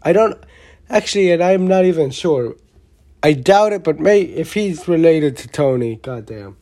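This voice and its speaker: In a mid-range voice at a moderate pace, a vlogger delivers a casual, opinionated review of a wrestling show. The delivery is rambling and excitable, blunt, with frequent restarted sentences and some mild swearing.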